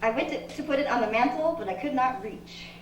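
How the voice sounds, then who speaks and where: A woman doing a stand-up comedy set in a club, delivering deadpan one-liners with halting restarts. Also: high voice, heavy background noise. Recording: roomy live room from far mic, audience laughter. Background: audience laughter.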